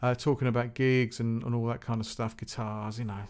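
A man's voice: mid-range voice, level tone, fairly quick, a little mellow. A man hosting his own music podcast, chatting casually and rambling with fillers and restarts. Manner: rambling, self-deprecating, many fillers and restarts. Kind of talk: casual solo podcast chat.

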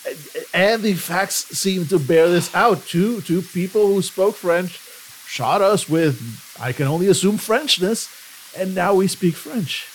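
A man's voice: sits high, measured pace, slight background noise, poor audio. A man playing in a tabletop game, joking in a playful, mock-serious way. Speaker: player.

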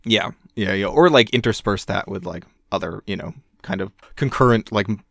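Low-voiced man giving eager opinions. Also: creaky, a bit bright, no echo. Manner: enthusiastic, opinionated, quick agreements. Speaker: podcast co-host. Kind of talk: casual comic-book discussion.

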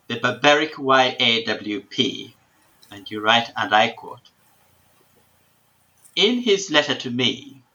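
Slow, bright-toned male podcast host. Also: mid-range voice. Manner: measured, formal. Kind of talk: formal interview questions. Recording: dull lo-fi audio.

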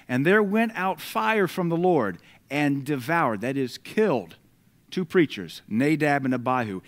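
A man, preaching a sermon and swinging between loud declarations and quiet asides. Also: fairly high pitch. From United States.

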